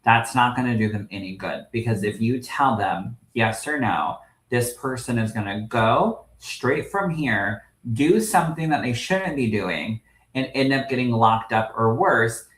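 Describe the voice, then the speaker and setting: A man co-hosting a podcast as a medium, telling stories in a lively way, laughing often and greeting live viewers. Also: medium pitch, measured pace, roomy sound, poor audio. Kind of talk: casual livestream chat.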